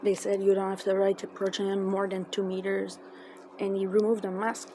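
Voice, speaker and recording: A woman with a tells an emotional personal story in a halting, casual way, with many fillers and restarts. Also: medium pitch, completely flat delivery, warm tone. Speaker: fan telling a personal story. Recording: noisy background.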